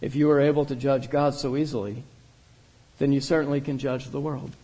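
Calm unrelenting wise woman, read by a preacher, slow and quiet, mellow husky tone. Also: mid-range voice, low-quality recording. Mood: stern. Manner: calm, measured, without emotion.

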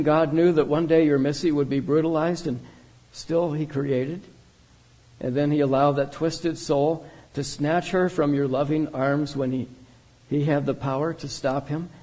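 A man voicing a calm, unrelenting wise woman who speaks in a measured way, without emotion. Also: a little high, poor audio.

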